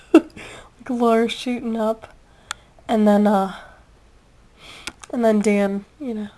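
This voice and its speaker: A woman's voice: fairly high pitch, steady tone, drawn-out words, warm tone, slight background noise, low-quality recording. A young woman in casual chat, reviewing a video with a giggly, rambling, gushing manner.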